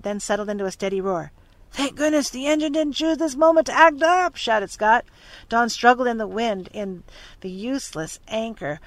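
Steady storybook narrator. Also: mid-range voice, dry recording. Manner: steady, even-paced reading. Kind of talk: storybook reading aloud.

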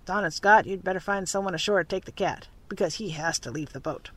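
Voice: medium pitch, a little fast, lightly acted. A storyteller reading the part of a fishing boat captain who gives firm orders to his crew. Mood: stern. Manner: barks orders when shouting. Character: gruff fishing boat captain, man, commanding.

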